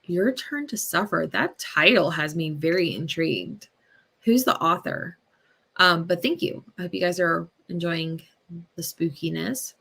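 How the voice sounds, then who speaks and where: A woman with a low, gravelly voice chats casually to her live stream audience. She talks at an unhurried pace, filling pauses with ums and little laughs. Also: a bit bright. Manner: slow, chatty, full of ums and laughs. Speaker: booktube host.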